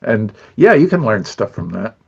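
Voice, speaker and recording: A man's voice: lowish voice, big pitch swings, moderate pace, vocal fry, slightly rough, dull audio. An older man who is an animator, chatting as an interview guest, telling rambling stories with lots of chuckles. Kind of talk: casual storytelling chat.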